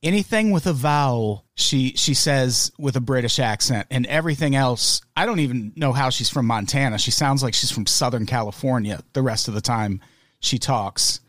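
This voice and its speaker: A middle-pitched American man hosts a podcast and makes wry jokes in loose, casual conversation. The sound is close and dry, with no room echo behind him. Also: normal speed, fairly bright tone. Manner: joking, wry asides. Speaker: podcast host.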